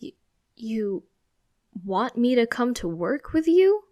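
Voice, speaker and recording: A jittery teenage boy who whines and stumbles over his words when cornered, played by a woman reading the story. His voice rises high as nerves take hold in this audiobook scene. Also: very animated, slow pace, darkish tone. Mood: anxious. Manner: whiny, stammering when nervous. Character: anxious teenage boy, whiny and flustered.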